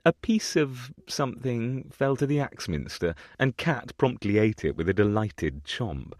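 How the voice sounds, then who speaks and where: A man narrating a historical romance audiobook with an expressive, varied delivery on a close mic. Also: mid-range voice, a little slow, no echo.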